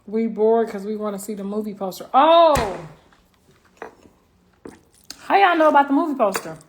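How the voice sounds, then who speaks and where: A woman hosting a casual livestream, telling loud, laughing, slangy stories. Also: fairly high pitch, normal speed, a little hiss or hum. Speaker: livestream host. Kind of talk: casual live-stream chat.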